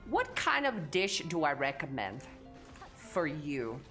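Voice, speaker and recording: A young woman streams and talks straight to her chat, crude, teasing and quick to joke. Her pitch swings freely from phrase to phrase. Faint music plays behind her. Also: big pitch swings, a bit bright. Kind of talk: casual live-stream chat.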